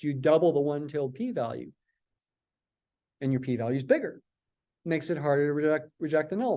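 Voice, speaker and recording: This recording captures a math lecture in which a man teaches statistics with a slightly high, darkish voice. To stress points, he repeats words, and he raises questions only to answer them himself.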